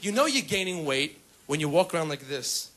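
A man doing a stand-up comedy routine on a club stage, brash and shouting his punchlines. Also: on the high side, sing-song, normal speed. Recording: live club with crowd and music.

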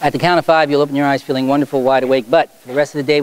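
A quick-talking man runs a stage hypnosis show on a school stage, his voice sitting a little high for a man. He teases and directs his volunteers in a brisk, commanding way, then sinks into slow, low suggestions to put them under. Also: steady tone, low-quality recording. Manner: drops to slow, low suggestion when putting people under. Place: high school stage before a student audience.

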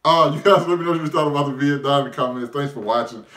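A young man reacting to a video in casual commentary, laughing loudly and shouting at the screen. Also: on the high side, very fast. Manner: loud, laughing, yells at the screen. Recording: echoey room with loud music.

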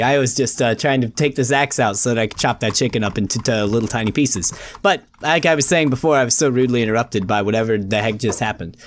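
A man's voice: mid-range voice, a little hiss or hum. A man hosting a let's play video, joking around and talking to viewers as friends while he plays. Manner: playful, jokey, often addresses viewers as friends. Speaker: gaming video host.

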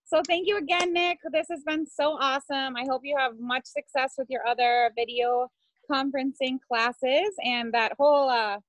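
A woman's voice: high-pitched, steady tone, normal speed, no room sound, rough recording. A woman hosting a virtual wine class, upbeat as she thanks the guest and explains pre-orders. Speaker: wine shop class host. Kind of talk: casual chat on a video call. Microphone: video call.

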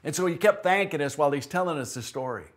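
Storytelling pastor with a higher voice. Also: male voice, expressive, fast. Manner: conversational, tells stories with acted-out quotes. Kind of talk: sermon with storytelling. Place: church.

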